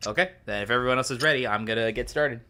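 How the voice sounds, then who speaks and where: A man's voice: medium pitch, rapid-fire, pushed and bright. A man in his late twenties chatting over a voice call during a card game, friendly and talkative. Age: 20s. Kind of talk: casual chat over voice call.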